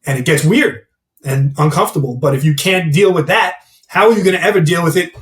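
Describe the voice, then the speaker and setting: A man's voice: fairly high pitch, fast talker, fairly bright tone. A man who works as a mindset coach and gym owner, talking bluntly and candidly in a casual interview and swearing freely. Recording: roomy, distant mic.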